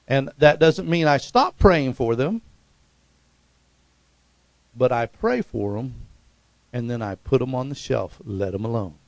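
A middle-aged man preaching a sermon, animated, leaping into loud high-pitched bursts when he acts out quotes. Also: slow, gravelly, long pauses, no room sound. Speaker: pastor.

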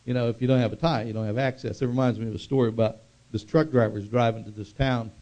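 A man's voice: mid-range voice, steady tone, fast, dark tone, lo-fi sound. A male pastor preaching a sermon with call-and-response, telling stories and building to fervent proclamation.

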